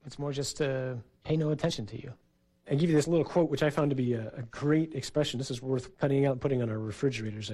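A man's voice: medium pitch, darkish tone. A man who is a priest, giving a sermon in a conversational, storytelling way for a radio program. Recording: radio broadcast.

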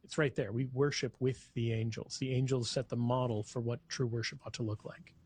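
A man's voice: mid-range voice, fairly even intonation, brisk, darkish tone, slightly rough. Man explaining scripture with easy laughs. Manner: laughs easily, reads passages aloud. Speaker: guest. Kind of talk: explaining scripture on a call-in radio show.

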